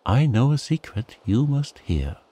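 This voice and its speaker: A man's voice: medium pitch, very animated, a little slow, mellow, slightly rough, pitched above the performer's own voice. A man voicing a boastful, greedy male goblin in a bedtime storybook, wheedling and insistent. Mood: pleading, boastful.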